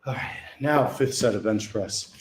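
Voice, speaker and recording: A man's voice: lowish voice, a little slow, reverberant. A man talking to the camera during a gym workout, casual and profane, hyping himself up between sets and now and then short of breath. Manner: profane, hyped self-talk between sets. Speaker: fitness vlogger. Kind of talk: casual workout vlog talk.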